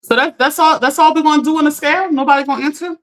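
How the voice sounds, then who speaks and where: A woman's voice: sits high, steady tone, rapid-fire, a bit bright. A woman hosting a casual coaching livestream, talking straight to her viewers in a chatty, direct way.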